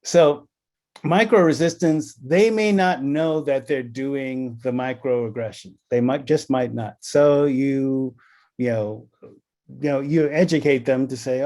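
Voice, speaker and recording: This slow, deliberate speaker is a man from Los Angeles, California, whose voice sits in the mid range with a darkish tone. He presents on anti-racism during a recorded training session, narrating stories and voicing the quoted lines.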